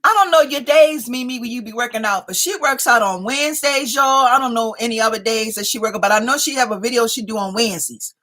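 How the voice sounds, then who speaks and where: Bright, high-voiced woman in her fifties. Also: fast talker, hardly any pauses. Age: 50s. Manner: chatty, laughs often, teasing. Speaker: live stream host. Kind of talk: casual live chat reading viewer comments.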